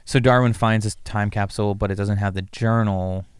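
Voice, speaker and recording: A man with a low, smooth voice in a dry, close-miked room, talking through comedy scenes in relaxed chat. He walks through the beats one at a time and drops into quick acted lines of dialogue along the way. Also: no room sound. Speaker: podcast co-host, comedy writer. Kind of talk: casual writing-room chat.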